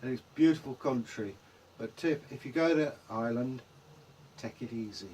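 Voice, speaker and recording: A man's voice: mid-range voice, moderate pace, a little mellow, slight background noise. Chatty rambling English man. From England. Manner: chatty, rambling, trails off mid-sentence. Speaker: vlog co-host. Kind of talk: casual chat.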